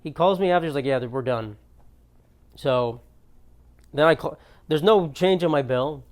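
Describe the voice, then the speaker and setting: A man's voice: on the high side, a little slow. A young man from the United States ranting through an exasperated, profane comedic monologue as a podcast host in his apartment.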